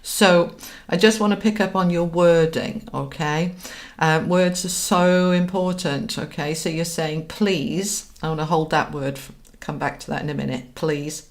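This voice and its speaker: A woman's voice: sits low, steady tone, moderate pace. A middle-aged woman, hosting a live-stream chat as a spiritual coach, earnest and guiding, often checking in with "all right?" and "okay?".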